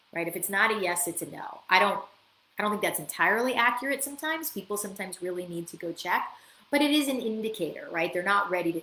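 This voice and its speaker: A woman coach talks through a live Q&A in a lively, chatty way, slipping into short acted bits of client dialogue. Her voice sits a little low but sounds bright and forward. The room is echoey, with faint ambient noise behind her. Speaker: business coach and show host.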